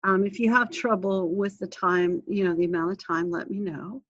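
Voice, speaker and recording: A woman's voice: medium pitch, steady tone, normal speed. Woman instructor, casual lecture, talks to herself while hunting files, muffled lo-fi sound. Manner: chatty, self-interrupting, thinking aloud while clicking through files. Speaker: history instructor. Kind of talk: casual recorded class lecture.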